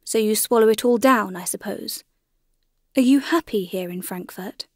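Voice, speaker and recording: A woman voicing a kind, calm older male doctor in an audiobook, speaking gently and soothingly. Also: medium pitch, normal speed, dry recording, clean studio sound, close to an everyday voice. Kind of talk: audiobook character reading.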